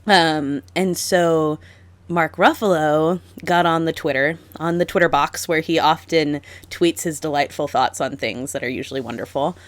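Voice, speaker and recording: A young woman co-hosting a casual podcast, talking in an animated, exasperated way with lots of "like". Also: low voice, moderate pace, no echo. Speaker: podcast co-host. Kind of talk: casual chat.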